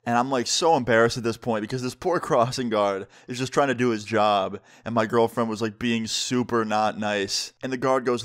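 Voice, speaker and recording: A man's voice: mid-range voice, steady tone, moderate pace, hardly any pauses. Young guy doing a storytime vlog, talks big and emphatic, slangy, just chatting to camera. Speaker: vlogger telling a story.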